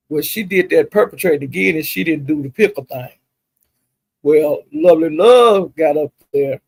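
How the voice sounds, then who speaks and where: A man's voice: a little high, vocal fry, a little mellow, slightly rough, no room sound, rough recording. A man talking casually to a livestream chat, gossiping in a drawling, chatty way and speaking to viewers directly. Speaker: commentator recapping livestream drama.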